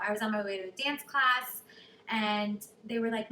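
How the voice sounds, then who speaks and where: A young woman vlogger telling a personal story in a chatty, animated way, full of likes. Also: fairly high pitch, normal speed. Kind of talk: storytelling to camera. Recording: echoey room, faint noise.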